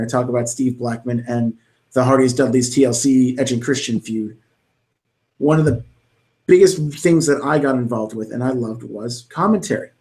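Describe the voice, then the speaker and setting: A man's voice: mid-range voice, a little mellow. A young man co-hosting a podcast, talking in a rambling, enthusiastic way with many restarts. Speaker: podcast co-host. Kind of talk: casual chat about wrestling commentary.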